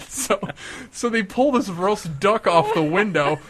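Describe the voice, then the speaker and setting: A young man chatting casually on a podcast, telling a story with lively acted-out quotes. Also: fairly high pitch, normal speed. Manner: animated storyteller, acts out quotes. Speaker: podcast co-host.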